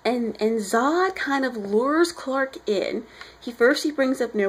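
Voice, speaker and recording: A young woman with a fairly high, husky, breathy voice talks through a comic book review. Her delivery is loose and chatty, full of rambling asides and "you're like" retellings. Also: expressive, measured pace, low-quality recording. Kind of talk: casual chat.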